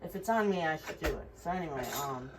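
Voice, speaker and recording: A young woman with a fairly low voice, telling her own story in a loose, rambling way. She speaks frankly, swears often and leans on fillers. The mic sits a little away from her, with faint noise in the room. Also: animated, fast talker, far from the mic. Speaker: vlogger. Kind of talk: casual personal storytelling.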